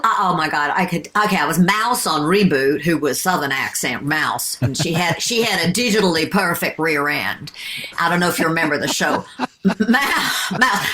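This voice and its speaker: A woman from Canada, a voice actress, chatting in an interview and telling stories with big, animated pitch jumps. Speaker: guest, voice actress. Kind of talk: casual interview chat.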